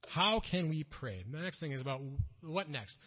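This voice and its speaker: Husky-voiced man telling a mission story. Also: a little high, normal speed. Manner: animated storyteller, acts out quotes loudly. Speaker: missionary speaker. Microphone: church PA recording. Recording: dull lo-fi audio.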